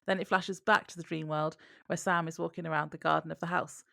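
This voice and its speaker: Woman co-host, gravelly lowish voice, casual recap read from notes. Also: fairly even intonation, fast talker, pushed and bright, no echo, studio quality. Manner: reads plot notes aloud in a conversational way. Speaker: podcast co-host.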